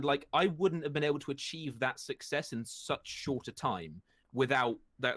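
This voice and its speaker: A man's voice: medium pitch, a bit bright, no room sound. A British man giving a casual interview, hesitant with many ums and self-deprecating asides. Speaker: interview guest, YouTuber. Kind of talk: casual chat.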